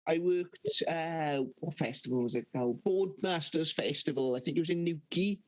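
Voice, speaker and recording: A man's voice: a little high, moderate pace, dry recording. A man co-hosting a podcast, jokey and laughing in casual chat. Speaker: podcast co-host.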